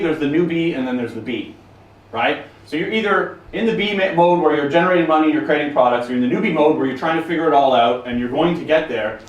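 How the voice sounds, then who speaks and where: Mężczyzna, bezpośredni i wulgarny, w pogłosie sali. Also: male voice, a little high. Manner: blunt, profane, joking. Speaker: conference speaker taking questions. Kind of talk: casual talk with audience Q&A. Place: conference room with an audience. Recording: roomy, from a distance, faint noise.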